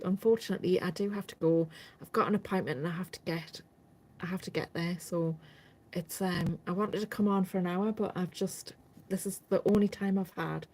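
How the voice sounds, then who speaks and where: A woman chats through a casual live stream. She rambles from point to point and answers viewer comments along the way. Her voice is mellow and warm. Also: mid-range voice, poor audio.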